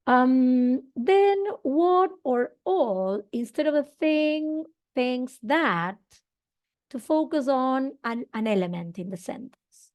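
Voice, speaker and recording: A woman's voice: on the high side, slow pace, darkish tone. A woman teaching an online English grammar lesson, explaining patiently with fillers and check-ins, a Spanish speaker teaching in English.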